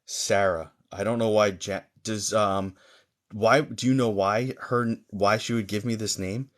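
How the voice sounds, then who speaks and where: A man working as a psychic medium, doing a live-streamed reading for viewers in a halting, searching way, with many pauses and fillers, and gently reassuring them. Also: lowish voice, steady tone.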